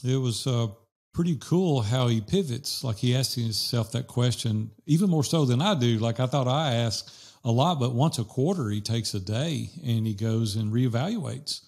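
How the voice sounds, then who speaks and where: A man hosting a podcast, chatting casually with his co-host. His voice has a gravelly fry to it, and he tells stories with lively acted-out quotes. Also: mid-range voice, normal speed. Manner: animated storyteller, quotes people in lively voices. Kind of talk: casual chat.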